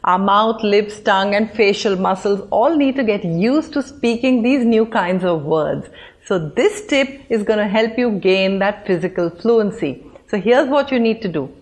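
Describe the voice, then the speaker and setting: A woman teaching English in an online lesson, with clear, deliberate delivery. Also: medium pitch, animated.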